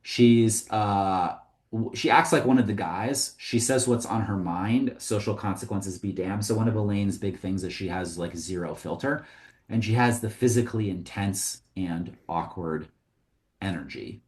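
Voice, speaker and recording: A man teaching comedy writing in a casual, conversational way, often pausing with "um" and "like". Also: fairly low pitch, a little mellow. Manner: conversational, with frequent ums and likes. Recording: roomy echo.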